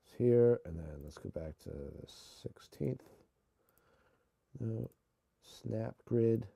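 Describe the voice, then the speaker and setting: A man's voice: lowish voice, lively intonation, slow pace, creaky. A man hosting a live music-mixing stream, muttering to himself and poking fun at his own mistakes. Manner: mutters to himself, self-deprecating. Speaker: host mixing music on a livestream. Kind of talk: casual running commentary while working.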